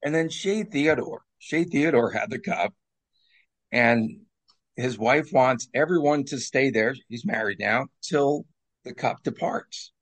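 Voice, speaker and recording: A man co-hosting a casual hockey talk show, jokey and quick to laugh at his own bits. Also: medium pitch, a bit bright. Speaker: sports talk co-host.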